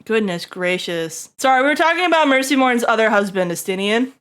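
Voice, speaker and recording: Young woman streamer just rambling to chat, swears, laughs, kinda high pitched. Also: animated, brisk, a bit bright, clean tone. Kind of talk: casual live-stream chat.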